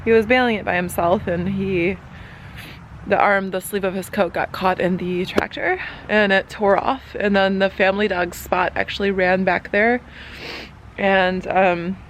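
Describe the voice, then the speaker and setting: A woman's voice: mid-range voice, a little hiss or hum, rough recording. A woman in her thirties from Michigan, narrating her vlog in an earnest, reflective way. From Michigan, USA. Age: 30s. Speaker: vlogger.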